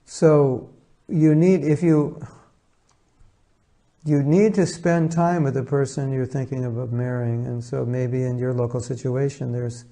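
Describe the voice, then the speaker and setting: A man with a gravelly, dark and mellow voice gives a relaxed spiritual talk. He speaks conversationally, slipping into short acted-out exchanges as he tells his examples. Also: medium pitch, measured pace. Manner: conversational, acts out little dialogues in a storytelling way. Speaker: spiritual teacher.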